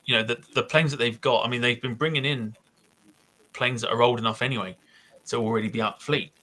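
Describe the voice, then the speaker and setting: A man's voice: medium pitch, steady tone, fast talker, bright, forceful tone, low-quality recording. A man hosting a podcast, thinking aloud in casual chat with many hesitations. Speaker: podcast host.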